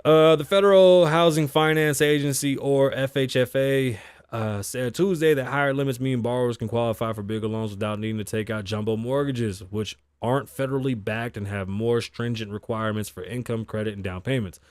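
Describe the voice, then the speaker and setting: A man's voice: medium pitch, fairly even intonation, fairly quick, smooth, no room sound, studio quality. Blunt, foul-mouthed man hosting a talk show. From Las Vegas, Nevada (lives there). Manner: blunt, heavy swearing, reads news aloud and riffs. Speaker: podcast host. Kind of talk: casual talk-show commentary, profane.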